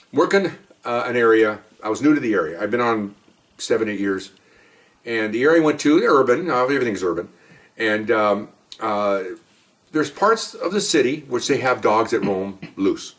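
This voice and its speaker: A middle-aged man spins his police stories at a quick clip, rambling and chatty, breaking off into asides and restarts. He sits a little back from the microphone, so his voice sounds slightly distant. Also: medium pitch, fairly bright tone. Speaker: police officer telling stories. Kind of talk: casual spoken storytelling.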